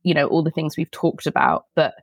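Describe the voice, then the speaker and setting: A woman's voice: sits low, animated, fairly quick, breathy edge, no echo, studio quality. A British woman, a podcast guest, chatting animatedly and jumping between thoughts with frequent laughter. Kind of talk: casual chat.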